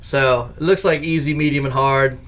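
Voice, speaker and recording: A man hosting a casual gaming podcast, telling stories in a lively way and laughing often. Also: medium pitch, normal speed. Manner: animated storyteller who laughs often. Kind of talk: casual chat.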